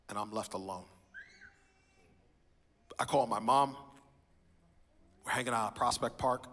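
A man's voice: mid-range voice, a bit bright. A man from New York giving a sermon-style personal testimony in a church, telling his story with animation and acting out the voices of people in it. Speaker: speaker sharing his testimony. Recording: reverberant hall.

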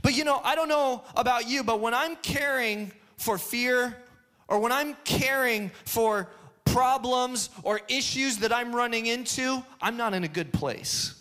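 A man in his thirties delivers a sermon in a high, bright voice. He tells stories animatedly, stumbles into restarts, and breaks into excited shouts. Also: unhurried. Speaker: pastor. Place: church hall before a congregation.

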